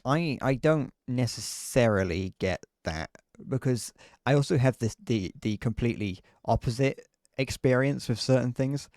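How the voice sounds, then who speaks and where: A man's voice: mid-range voice, moderate pace, a little mellow, no echo, studio quality. Rambling British man streaming a game. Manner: rambling, laughs often, frequent restarts. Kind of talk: casual live-stream chat while gaming.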